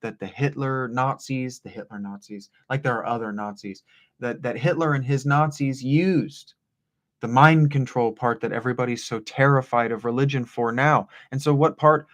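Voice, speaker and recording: A man hosting a reading, reading passages aloud and musing on them in a loose, discursive way, slipping into a deep radio voice for the passages. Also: fairly even intonation, moderate pace. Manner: discursive, with restarts and asides. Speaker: host reading aloud and commenting. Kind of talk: rambling philosophical commentary between read passages.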